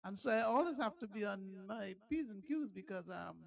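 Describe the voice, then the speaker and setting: A man, one of the authors, speaking in a wry, hesitant way with pauses. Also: high-pitched, animated, vocal fry.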